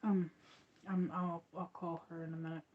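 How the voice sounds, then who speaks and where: A woman's voice: lowish voice, little pitch movement, moderate pace, phone-quality sound. A woman hosting a crochet channel, chatting casually on a livestream, rambling and restarting with lots of fillers.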